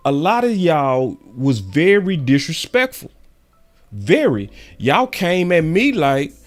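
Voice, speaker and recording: This sports channel host's voice is on the high side, with big pitch swings at a normal speed. He delivers an emphatic, repetitive fan commentary monologue, slangy and preachy, hammering his points home.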